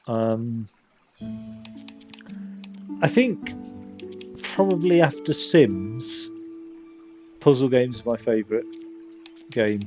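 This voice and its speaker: A man's voice: mid-range voice, extremely slow, pauses often, over music. A man rambling in casual gameplay commentary, often stopping and restarting his sentences. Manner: rambling, self-interrupting chatter. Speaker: streamer.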